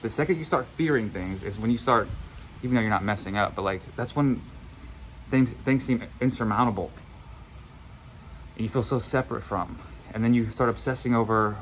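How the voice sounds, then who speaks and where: A man's voice: mid-range voice, fairly quick, long pauses, a little hiss or hum, rough recording. A man giving a casual motivational monologue as a manifestation coach, blunt and repetitive, swearing now and then.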